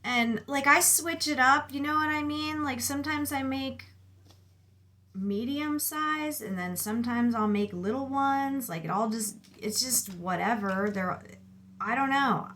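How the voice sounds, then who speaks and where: A woman's voice: sits high, measured pace, pushed and bright. A woman in her thirties venting in a rambling, casual monologue about her kids, exasperated and filler-heavy. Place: outdoors near a lawnmower.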